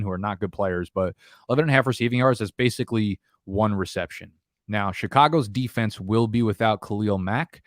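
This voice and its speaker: Brief: male fantasy football streamer, New York-area accent, lowish voice, blunt and profane, dry close sound. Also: no room sound. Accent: New Jersey/New York. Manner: profane, emphatic, rambling. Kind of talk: casual live stream chat.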